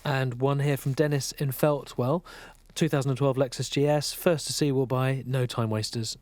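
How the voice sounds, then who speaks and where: An actor playing a deadpan, matter-of-fact male sidekick on a radio show. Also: mid-range voice, normal speed, dry recording, natural voice.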